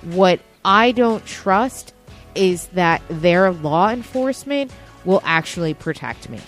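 A woman comedian in casual panel talk, animated and full of quick restarts. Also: on the low side, soft background music.

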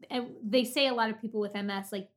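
A woman's voice: a little high, fast talker. A heavily pregnant woman in her thirties, chatting candidly and telling personal stories as a guest. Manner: candid, animated storytelling. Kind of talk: casual chat.

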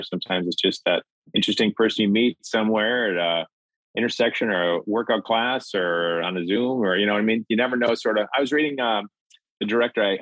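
A middle-aged man from Minnesota, a comedic actor and filmmaker, telling an animated anecdote and acting out the voices. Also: fairly low pitch, dry recording, low-quality recording. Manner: acts out voices in his anecdotes, excitable. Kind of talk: animated storytelling. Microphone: video call.

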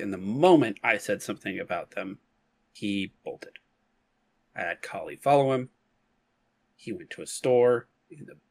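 A man's voice: lowish voice, vocal fry. A man playing in a tabletop game, talking casually with frequent hesitations and restarts. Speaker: player.

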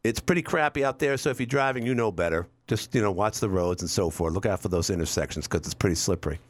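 A man's voice: on the low side, fast talker, dry recording. A man in his fifties hosting a talk radio show, rambling wryly and repeating words as he chats. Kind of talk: casual talk radio monologue. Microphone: studio microphone.

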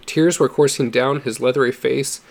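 A man reading a story aloud in a steady, measured narration. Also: mid-range voice, creaky. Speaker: audiobook reader.

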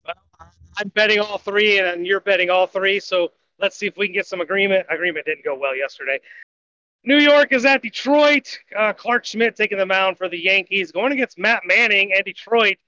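Podcast co-host, male, high bright voice, rambling betting picks, lo-fi sound. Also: normal speed. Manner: rambling, self-correcting picks. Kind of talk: casual sports betting talk. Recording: dull lo-fi audio.

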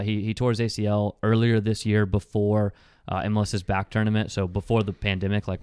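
Man, casual sports co-host, low smooth voice, chatty with plenty of fillers, dry close mic. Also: darkish tone, dry recording. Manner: chatty, lots of fillers, quick asides. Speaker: podcast co-host.

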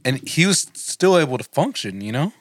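A man's voice: medium pitch, big pitch swings, moderate pace. A man co-hosting a podcast, talking in a casual, laid-back way with plenty of slang. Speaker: podcast co-host. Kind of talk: casual chat.

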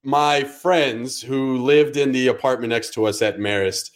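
A man's voice: medium pitch, steady tone, unhurried. A young man in his twenties co-hosting a podcast, blunt and teasing, swearing casually. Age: 20s. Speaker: podcast co-host. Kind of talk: casual chat.

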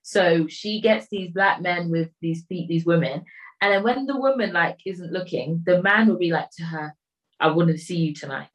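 Casual woman, lowish voice, rambling recap full of quoted lines. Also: normal speed, rough recording. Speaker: storyteller recapping a film. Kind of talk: casual chat.

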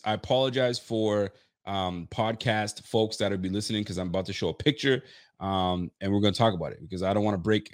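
A man hosting a casual sports podcast, joking and laughing as he riffs with his chat in slangy talk. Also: on the low side. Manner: talks to a live chat and audience. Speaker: podcast host.

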